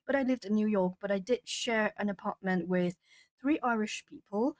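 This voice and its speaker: A woman's voice: mid-range voice, normal speed, darkish tone, no echo. Woman with a British-tinged accent, casual stream chat, rambling, laughs a lot, dry close sound. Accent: hard-to-place English accent, British-tinged. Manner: chatty, rambling, laughs often, self-corrects. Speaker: art streamer. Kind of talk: casual livestream chat while drawing.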